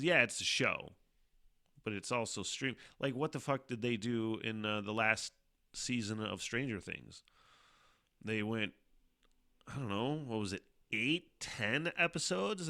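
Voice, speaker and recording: A middle-aged man hosting a casual solo podcast, rambling and swearing often, animated, with frequent laughs. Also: medium pitch, gravelly. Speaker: podcast host.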